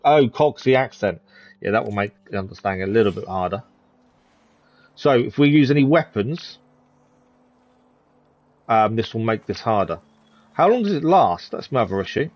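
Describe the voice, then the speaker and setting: A man's voice: mid-range voice, darkish tone, no echo. A man from the East of England chatting casually as he plays a game on stream, thinking aloud with plenty of ums. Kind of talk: casual gameplay commentary.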